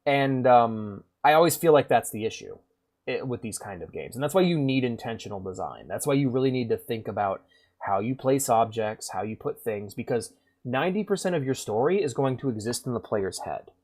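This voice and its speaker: Male streamer, mid-pitched, casual and profane, rambling gaming commentary with animated bursts. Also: brisk. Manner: animated, rambling and profane, acts out game characters.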